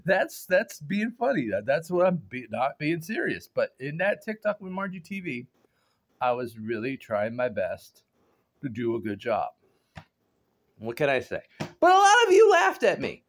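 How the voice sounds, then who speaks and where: Man, 40s, home vlogger; rambling, giggly, voice leaps high when excited, very lively pitch. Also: a little slow. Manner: rambling, animated, laughs often, jumps into high excited exclamations. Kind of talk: casual chat to camera. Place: home garage.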